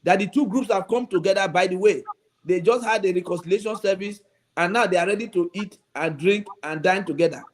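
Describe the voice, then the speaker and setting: A man's voice: sits high, brisk, poor audio. A man, a bishop and guest on a talk show, telling his story in an emphatic, pleading way. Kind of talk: radio talk show interview.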